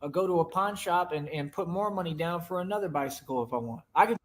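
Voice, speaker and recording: A man's voice: on the high side, quick pace. Boastful man taunting his viewers. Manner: boastful, taunting, repeats "right?". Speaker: streamer in a reacted clip.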